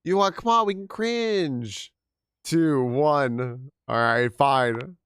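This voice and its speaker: A man's voice: mid-range voice, slow, a bit bright, clear, resonant tone, dry recording. A young man streaming a game, chatting casually, laughing and greeting his chat.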